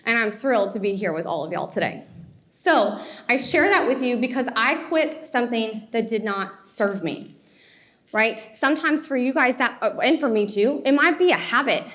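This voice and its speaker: A woman, giving a motivational talk and telling her story in an animated way with laughter. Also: a little high, moderate pace. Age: 30s. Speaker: speaker.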